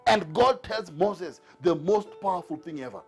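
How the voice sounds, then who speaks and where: A man's voice: high voice, expressive, normal speed, husky, soft background music. A man preaching a sermon to a Bible class, driving his points home with repeated rhetorical questions. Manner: emphatic, repetitive rhetorical questions.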